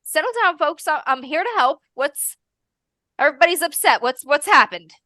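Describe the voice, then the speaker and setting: A woman putting on an earnest young male constable from a tabletop game, calm and official. The voice is bright and higher than a man's, and the recording is dry and close. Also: normal speed, dry recording. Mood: placating.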